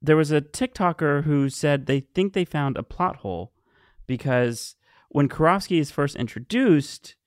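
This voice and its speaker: A man's voice: fairly high pitch, expressive, measured pace, no room sound, clean studio sound. A man co-hosting a podcast in casual chat, talkative and laughing often with many fillers. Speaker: podcast co-host.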